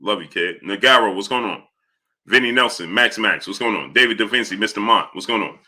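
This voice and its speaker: A man's voice: lowish voice, brisk, sharp tone. A man hosting a casual live stream, talking through his point while he greets viewers by name from the chat.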